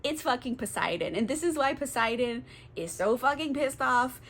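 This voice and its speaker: A woman's voice: high-pitched, lively intonation, moderate pace, a bit bright. A young woman, tipsy, summarizing a book in a giggly, swearing, casual way, full of "like". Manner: giggly, swears a lot, filler-heavy. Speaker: book channel host.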